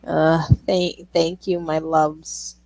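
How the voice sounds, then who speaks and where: A woman's voice: low voice, level tone, drawn-out words, darkish tone, poor audio. A young woman streaming while she draws, chatting in a rambling, casual way, swearing and laughing often. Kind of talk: casual livestream chat while drawing.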